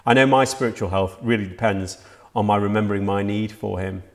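Earnest preacher man, low and gravelly. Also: fairly even intonation, a little fast. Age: adult, past university age. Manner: earnest, reflective, with frequent restarts and hesitations. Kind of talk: sermon. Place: church livestream.

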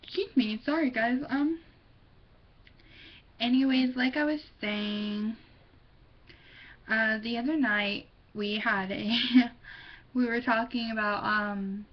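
A woman's voice: a little high, fairly even intonation, slow pace, long pauses. Teen girl vlogger, rambling and distracted, recorded on a muffled built-in mic. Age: teens. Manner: scattered, distracted, giggly. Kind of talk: casual rambling vlog. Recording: dull lo-fi webcam audio with faint noise.

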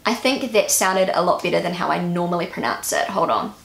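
Creaky New Zealand woman vlogging. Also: lowish voice, fairly quick, fairly bright tone, reverberant. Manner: self-critical, repeats words aloud after the app. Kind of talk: casual language-learning vlog.

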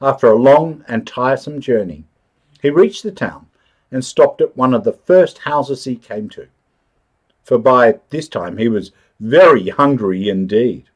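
A man reading a children's-style story aloud for English learners, expressive and clear. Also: medium pitch, a little slow. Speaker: story narrator.

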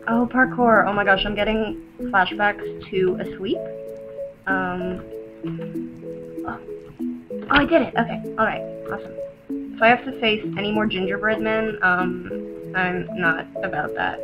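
A young woman giving excitable game commentary, laughing often and shrieking when things go wrong, with music behind her. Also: mid-range voice, a little slow, pauses often, highs cut off. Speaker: gaming video host.

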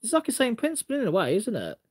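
High-voiced man rambling on a livestream. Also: wildly swooping pitch, fast, breathy edge. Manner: rambling, repeats himself, stammering restarts. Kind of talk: casual livestream rant, reading chat.

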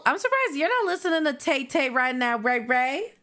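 A woman streamer chatting live while gaming, excitable, with loud exclamations and giggles. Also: high-pitched, normal speed. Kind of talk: live game-stream chat.

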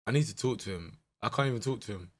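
A young gaming YouTuber commentates live over a football management game, lurching from muttered dread to shouted excitement. His voice sits on the low side and he talks quickly.

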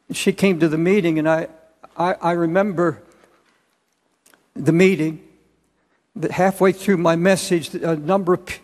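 Earnest older preacher in a reverberant church. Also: male voice, fairly high pitch. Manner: earnest, halting with restarts, rising to loud emphasis. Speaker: pastor. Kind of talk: sermon. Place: large church auditorium. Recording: long hall reverb.

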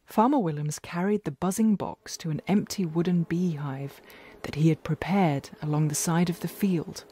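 A woman gently narrating a children's bedtime story in a slow, expressive way. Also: on the low side, breathy edge.

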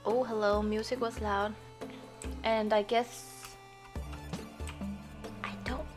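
A woman's voice: medium pitch, little pitch movement, slow. A young woman giving chatty gameplay commentary, easily startled and swearing when frustrated. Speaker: gaming youtuber. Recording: faint game music behind.

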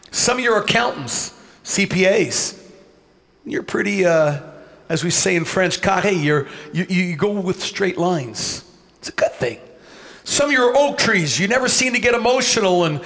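A middle-aged man preaching a sermon in church, animated, often rising to a shout and acting out the people in his story. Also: high voice. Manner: animated, swings to shouting, acts out voices. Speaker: pastor.

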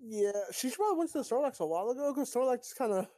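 A woman hosting a casual recap of competitive game battles, excitable, profane and teasing. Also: sits high, rapid-fire, no room sound. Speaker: league recap host. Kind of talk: casual gaming recap chat.

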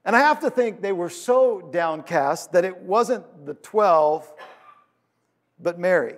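A man preaching a sermon, retelling scripture with dramatic swings between loud urgency and hushed quiet. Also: high voice, expressive, slow. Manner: storytelling, paraphrasing scripture. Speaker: pastor.

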